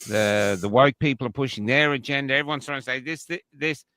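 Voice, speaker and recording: A man's voice: medium pitch, a little fast, sharp tone, no room sound. An Australian man hosting a casual online panel chat, opinionated and rambling with frequent restarts. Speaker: livestream host.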